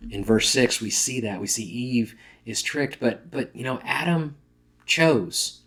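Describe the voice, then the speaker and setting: A pastor preaching a sermon in a conversational way, sometimes correcting himself mid-word and acting out quoted lines. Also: male voice, mid-range voice, lively intonation, measured pace, fairly bright tone.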